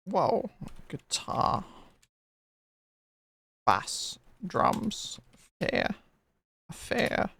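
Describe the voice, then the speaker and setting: A streamer playing a game live, calling out slow one-word guesses with long pauses between them. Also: medium pitch, vocal fry. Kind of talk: live-stream gameplay, calling out single words.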